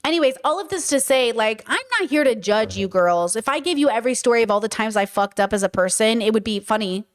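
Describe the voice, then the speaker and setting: A woman host chats to her stream audience in a casual, storytelling way. Her voice sits a little high, and her manner is blunt, animated and full of swearing. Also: quick pace, hardly any pauses.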